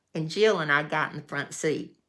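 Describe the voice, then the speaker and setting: A woman's voice: low voice, a bit bright. A woman, telling a story in a folksy, meandering way as a vlogger. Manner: folksy, meandering with restarts and fillers. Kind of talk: casual storytelling.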